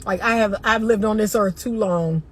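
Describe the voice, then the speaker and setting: A woman's voice: mid-range voice, normal speed, husky. Emphatic woman dating coach, chatty. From Northern US. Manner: emphatic, talks straight to viewers as y'all. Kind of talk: casual livestream chat.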